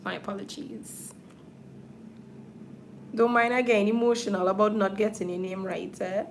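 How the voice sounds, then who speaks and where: A woman's voice: mid-range voice, steady tone, moderate pace, slight background noise. A makeup artist chatting casually with her viewers on a livestream while she applies false lashes. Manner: chatty, talks straight to viewers.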